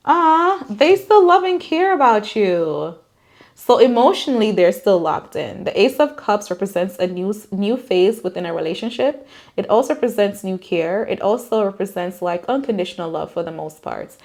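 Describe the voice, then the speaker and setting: A woman's voice: medium pitch, animated, a little fast, mellow. A woman giving a casual tarot card reading, talking in a reassuring, conversational way with many fillers. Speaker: tarot reader.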